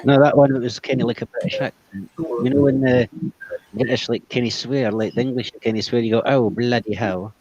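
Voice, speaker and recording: A man runs a late-night ghost-box session and keeps calmly asking the spirits to speak up. His voice is a touch husky and dry, and the stream audio sounds dull and lo-fi. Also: medium pitch, a little fast, dry recording. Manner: coaxing, questioning the spirits calmly. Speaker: paranormal investigator streamer.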